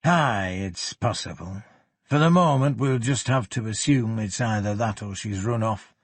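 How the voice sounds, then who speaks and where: A man voicing a gruff older police superintendent with a Yorkshire accent, blunt and unhurried, in an audiobook. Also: lowish voice, dry recording. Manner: blunt, unhurried, plain-spoken.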